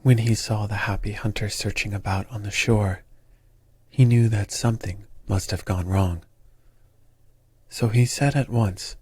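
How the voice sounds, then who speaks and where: A man narrating a bedtime story in a slow, soothing storytelling manner. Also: fairly low pitch, steady tone, darkish tone, breathy edge, no echo.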